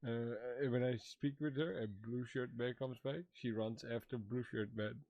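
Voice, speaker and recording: A man's voice: medium pitch, normal speed, dry recording, lightly acted. A man playing Mato, a playful married tribesman in a western roleplay, telling stories in broken English and acting out the voices of others. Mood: amused. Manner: broken English, animated retelling with quoted voices. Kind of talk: in-character roleplay chat.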